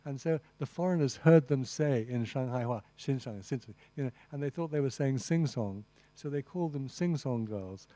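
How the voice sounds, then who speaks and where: A man's voice: mid-range voice, moderate pace, warm tone. A man lecturing at a master class on translation, enthusiastic and rambling, with many asides to the audience and "you see.". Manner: frequent restarts and "you see". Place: lecture room.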